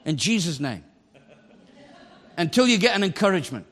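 A man preaching a sermon, animated and storytelling, sometimes bursting into a shout. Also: sits high, moderate pace, long pauses. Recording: long hall reverb.

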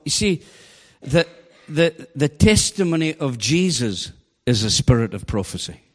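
A man preaching a sermon, animated and storytelling, sometimes bursting into a shout. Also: medium pitch. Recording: long hall reverb.

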